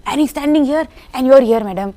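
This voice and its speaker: A woman mimicking an excitable male film director who scolds in broken English and acts out every step of a scene. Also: sits high, fast, pitched above the performer's own voice, natural voice. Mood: explaining.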